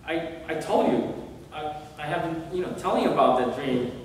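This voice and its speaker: A man's voice: fairly high pitch, expressive, brisk, slight background noise, close to an everyday voice. A man voicing a desperate young husband who pleads and stumbles over his words. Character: desperate young husband insisting he never dreamed. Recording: echoey hall from far off.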